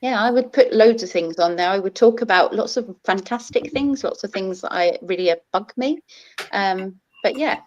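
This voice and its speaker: A woman's voice: medium pitch, normal speed, darkish tone, lo-fi sound. Chatty middle-aged British woman on a call. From Britain. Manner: chatty, rambling, laughs often. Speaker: YouTuber and English teacher. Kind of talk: casual group video chat.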